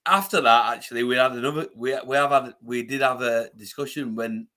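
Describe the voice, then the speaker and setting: A man, a former rugby league player, telling his story as a podcast guest in an animated way, often restarting and repeating words. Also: medium pitch, brisk. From England.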